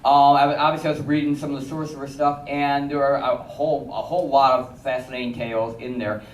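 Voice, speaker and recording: A man's voice: medium pitch, flat delivery. A man in the audience asking a long question, stumbling and restarting often. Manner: halting with many restarts. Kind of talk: casual question. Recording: echoey hall from far off.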